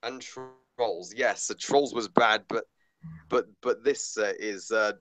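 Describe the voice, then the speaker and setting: A man reviewing a movie in casual chat, halting with many fillers and restarts, blunt and swearing. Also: fairly low pitch, fairly bright tone, no room sound, low-quality recording.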